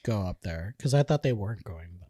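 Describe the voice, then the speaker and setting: A woman's voice: a bass voice, lively intonation, a little fast, warm tone, husky, no echo, studio quality. A young woman co-hosting a podcast, chatting casually about a film and joking about its plot. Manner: laughs often, jokey asides. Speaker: podcast co-host. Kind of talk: casual film review chat.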